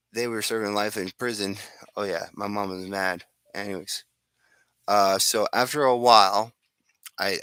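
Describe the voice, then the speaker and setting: Rambling amateur storyteller, low voice with a bright edge, dry close sound. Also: male voice, no room sound. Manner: rambling, with restarts and asides. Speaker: fan fiction storyteller. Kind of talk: improvised casual storytelling.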